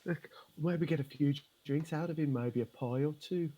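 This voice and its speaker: An actor playing a rough, chummy con man who talks bluntly and schemes for money. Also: fairly high pitch, moderate pace, mellow, lo-fi sound, lightly acted. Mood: scheming.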